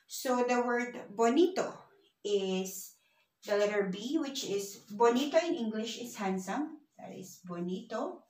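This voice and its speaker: A woman's voice: a little high, roomy sound, rough recording. A woman teaching a beginner Spanish lesson, patiently spelling words out letter by letter.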